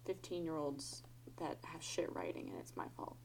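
A woman's voice: deep voice, sing-song, normal speed, gravelly, darkish tone, slight background noise, rough recording. A woman co-hosting a podcast in casual chat, teasing and laughing a lot. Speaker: podcast co-host.

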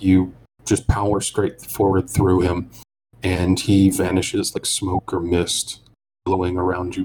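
Brief: low-voiced man running a tabletop game, calm scene-setting narration. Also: slight background noise. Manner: measured, descriptive narration with filler pauses. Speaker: game master.

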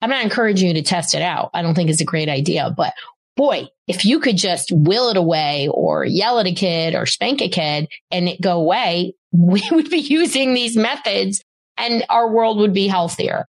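A woman's voice: fairly low pitch, animated, normal speed. A middle-aged woman, a doctor and host, giving casual parenting advice with emphatic repeated words for stress. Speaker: podcast host and child behavior doctor.

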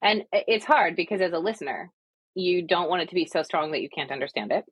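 A woman co-hosting a podcast and chatting casually about a book, talkative and animated. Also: on the low side, quick pace, slightly rough, no room sound. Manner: chatty, animated, frequent agreeing fillers. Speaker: podcast co-host, audiobook narrator. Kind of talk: casual chat.

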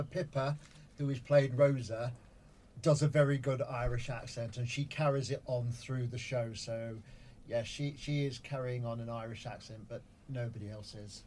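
A man's voice: medium pitch, a little mellow. A man from southern England who directs theatre, talking earnestly on a radio show, often restarting his sentences. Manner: earnest, repeats himself, many restarts. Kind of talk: casual radio interview. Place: radio studio.

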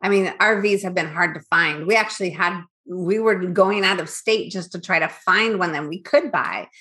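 Bright-voiced woman, candid and animated. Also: lowish voice, moderate pace. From Northern California. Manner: candid and animated, acts out her past thoughts. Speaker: guest, business owner. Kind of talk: casual interview chat.

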